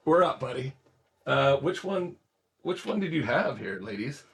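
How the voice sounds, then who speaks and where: A man's voice: mid-range voice, big pitch swings, measured pace, creaky, slightly rough. A man co-hosting a podcast in casual chat, upbeat and chatty, keeping the tasting game moving. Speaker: podcast co-host.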